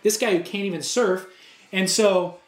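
Man, podcast co-host, high voice, echoey room, animated storytelling, acts out dialogue. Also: moderate pace. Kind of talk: casual chat.

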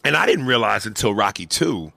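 A man co-hosting a podcast in casual chat, animated and profane, acting out movie scenes as he talks. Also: fairly low pitch, a little fast, creaky, dry recording. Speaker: podcast co-host.

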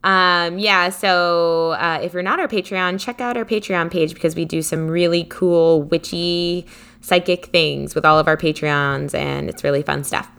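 Casting note: woman podcast co-host, bright tense tone, bubbly chatter, fond of "like". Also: lowish voice, fairly even intonation, gravelly, clear, resonant tone. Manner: bubbly, quick to laugh, lots of "like". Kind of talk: casual chat.

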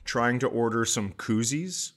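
A man's voice: mid-range voice, unhurried. Rambling comedic storyteller man. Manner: rambling storyteller, animated impressions. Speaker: podcast co-host, comedian. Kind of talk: casual comedic chat.

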